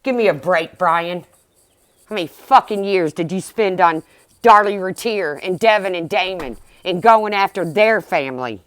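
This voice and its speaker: A woman's voice: fairly low pitch, normal speed, a bit bright, no echo. Angry, profane woman ranting on a livestream. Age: middle-aged. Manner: blunt, profane, heated.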